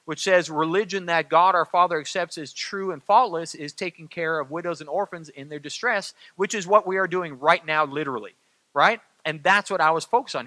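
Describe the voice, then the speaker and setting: A man's voice: a little high, bright, forceful tone, dry recording. A middle-aged man preaching a sermon as pastor, in a conversational way that keeps checking in with the congregation. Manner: conversational, repeats phrases, asks "right?" of the crowd.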